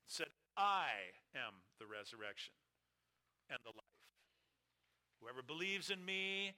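A man delivering a sermon in a very bright, ringing voice pitched a little high. He stresses key phrases loudly and lets others fall quiet and low. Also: lively intonation, takes it slowly, rough recording. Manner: emphatic, swings between loud stresses and quiet low drops. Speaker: preacher.

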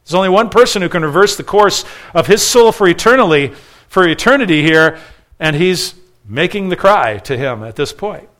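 This is a man delivering a sermon in a somewhat high voice. He is earnest and emphatic, often dropping to a soft, pleading hush between louder stresses. He builds his points with short repeated phrases. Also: expressive, normal speed. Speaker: preacher. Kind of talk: expository sermon.

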